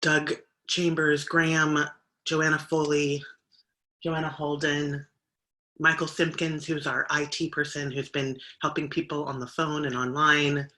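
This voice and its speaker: A minister speaks to a congregation gathered over a video call, listing thanks and announcements. The voice is bright and forward. The talk is loose and conversational, with fillers along the way. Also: mid-range voice, little pitch movement, a little slow. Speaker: minister leading the service. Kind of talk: spoken service announcements.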